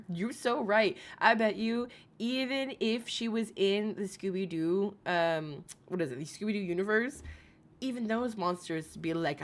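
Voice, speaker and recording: Her voice sits in the mid-range and her delivery is a little slow. Hosting a laid-back commentary stream, she curses freely, laughs often, and reads the chat aloud.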